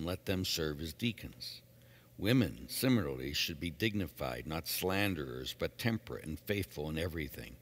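A very deep-voiced priest reads scripture with a solemn, measured delivery, then preaches earnestly. His voice rings out with a long church reverb. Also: a bit bright. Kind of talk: liturgical reading and homily.

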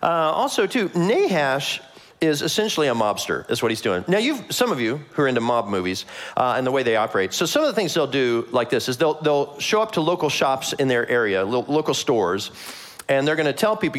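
A male pastor delivering a sermon, his pitch swinging widely as he talks. He keeps it casual and playful, slipping into quick character voices to act out the story. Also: big pitch swings, a bit bright. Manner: conversational, acts out quoted voices with humor.

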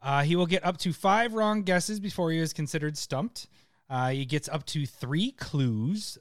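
A man co-hosting a casual chat show, playful and quick to laugh. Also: fairly high pitch, smooth, dry recording, clean studio sound. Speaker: podcast co-host.

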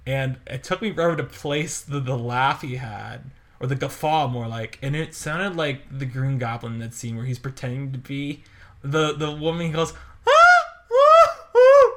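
A man co-hosting a podcast, chatting casually and telling long, animated stories with lots of fillers and laughter. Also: mid-range voice, moderate pace. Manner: rambling, animated storytelling with many fillers and laughs. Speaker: podcast co-host. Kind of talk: casual chat.

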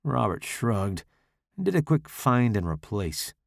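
Gravelly man narrating horror fiction. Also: mid-range voice, a little slow, dry recording, studio quality. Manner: dramatic, expressive reading. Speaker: author and podcast host.

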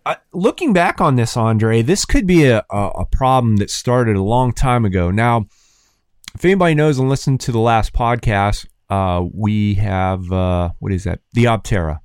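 A man co-hosting a casual podcast, telling lively stories and acting out what people said. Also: fairly low pitch, normal speed, clear, resonant tone, no room sound, clean studio sound. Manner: animated storyteller, acts out others' lines. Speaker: podcast co-host. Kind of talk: casual chat.

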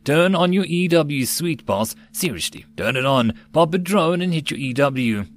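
A man's voice: fairly high pitch, lively intonation, moderate pace, pitched above the performer's own voice, natural voice. A man voicing a nervous, newly made male AI battle assistant that pleads and squeals at his boss in an audiobook. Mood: nervous, pleading.

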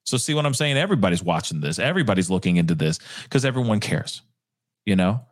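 A man's voice: fairly low pitch, sing-song, fast. A man hosting a casual live news commentary show, talking straight to his viewers and laughing at his own jokes.

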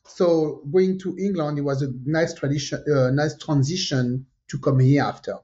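A woman with a French accent, a native French speaker, telling animated stories in a casual podcast chat and acting out the voices of the people in them. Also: sits low, moderate pace, dull audio. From France. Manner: animated, acts out quoted voices, repeats herself. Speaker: podcast co-host. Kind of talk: casual conversational storytelling.

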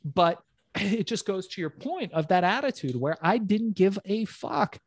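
A man's voice: high voice, animated, a little slow, no room sound. A man hosting a casual talk, telling stories in a brash, profane way. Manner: brash storytelling, heavy swearing. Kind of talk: casual conversation.

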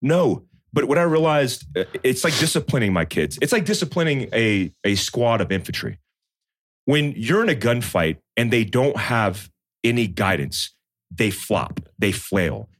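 Animated storytelling man, dry sound. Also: mid-range voice, unhurried, dry recording. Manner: storytelling, animated, acts out quotes. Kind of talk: casual chat.

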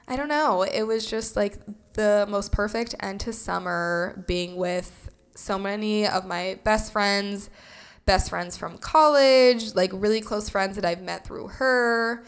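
Smooth-voiced chatty woman in her late 20s. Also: medium pitch. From San Francisco Bay Area, California. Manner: chatty, heartfelt, heavy use of "like". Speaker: podcast host. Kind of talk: casual solo podcast chat.

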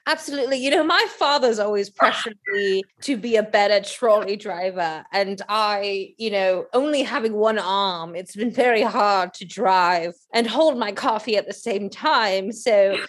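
A woman's voice: mid-range voice, a little slow, few pauses, lightly acted. Improv bit: woman doing a British male trolley driver, put-on accent, chatty, rambling. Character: British male trolley driver, coffee-loving, resents his father.

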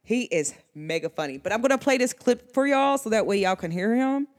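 Animated, laughing woman in casual chat. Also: a little high, brisk. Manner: rambling, animated, laughs often, slangy. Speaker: astrology podcast host.

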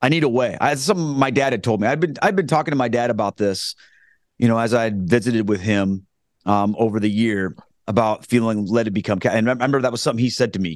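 A fast-talking man with a mid-range voice speaks in a dry, studio-quality recording. As a guest giving casual spoken testimony, he earnestly tells his conversion story, rambling and restarting frequently.

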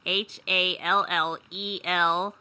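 Woman cohost, lowish pitch but really bright tone, chatty. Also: flat delivery, slow pace. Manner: chatty, runs a spelling game. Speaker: co-host. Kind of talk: casual podcast chat.

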